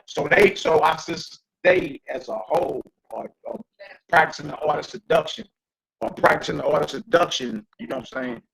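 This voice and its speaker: A man leading a streamed bible study in an animated, joking, slangy preaching manner. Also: fairly high pitch, moderate pace, creaky, poor audio.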